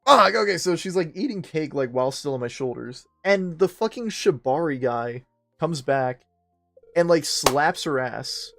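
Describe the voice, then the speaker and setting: A man's voice: on the high side, animated, measured pace, fairly bright tone. A young man telling a rambling, profane, self-mocking story while streaming a game, with faint game music behind him. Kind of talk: casual storytelling while gaming.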